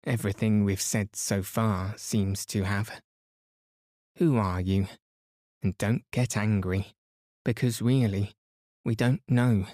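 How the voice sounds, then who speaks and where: A man reading the lines of a kind, gentle young girl in a bedtime story, reassuring and soft-spoken. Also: fairly low pitch, steady tone, slow pace, long pauses, no room sound, studio quality.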